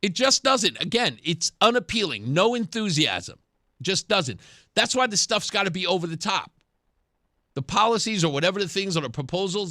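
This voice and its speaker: A man's voice: sits high, sharp tone, no echo, studio quality. A man hosting a talk radio show, giving sarcastic political commentary and laughing often. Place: radio studio.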